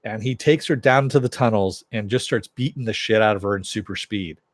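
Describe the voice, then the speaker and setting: A man's voice: lowish voice, a little fast, no room sound. A man casually recapping a TV episode in a chatty way, chuckling and acting out characters' lines in a raised voice. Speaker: TV episode reviewer.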